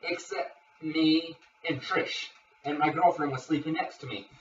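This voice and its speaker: A man's voice: on the high side, a little slow, a bit bright, a little hiss or hum. A young man co-hosting a casual podcast, telling a story animatedly with swearing and acted-out quotes. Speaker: podcast co-host. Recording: roomy, distant, dull lo-fi mic.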